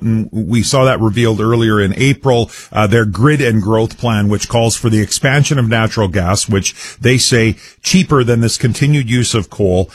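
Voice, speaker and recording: A man's voice: mid-range voice, husky, dry recording. A man hosting a radio talk show, pressing a guest with pointed questions.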